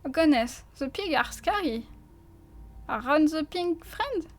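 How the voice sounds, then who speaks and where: High, slow-talking French woman streamer. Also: expressive. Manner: jumpy, stammering, swears and laughs. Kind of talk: live gameplay commentary.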